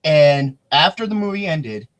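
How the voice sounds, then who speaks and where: High, lively, excitable man. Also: unhurried. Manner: excitable, rambling, swears freely. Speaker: podcast host. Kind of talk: casual podcast chat.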